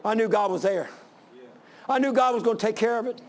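A middle-aged male pastor preaching a sermon to his congregation, impassioned and repetitive, building up to shouting. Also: high-pitched, a little fast. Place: church sanctuary with congregation.

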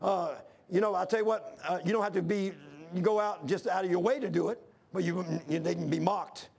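A male preacher delivers a fervent sermon in a high, gravelly voice. He reads scripture aloud, then climbs toward near shouts as he gets worked up, with rough fry at the ends of his lines. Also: brisk. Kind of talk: fiery sermon.

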